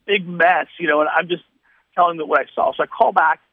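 A man's voice: a little high, steady tone, a little fast, no echo. A man calling in as a radio guest, telling faith stories in an earnest, rambling way with restarts, heard over a phone line. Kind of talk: testimony storytelling on radio. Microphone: telephone.

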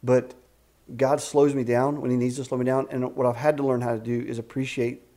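At a house on a rural camp, a fifties-aged man who runs a ministry camp as executive director chats in a relaxed interview. Middle-pitched and brisk, he tells animated stories steeped in faith, often starting sentences over.

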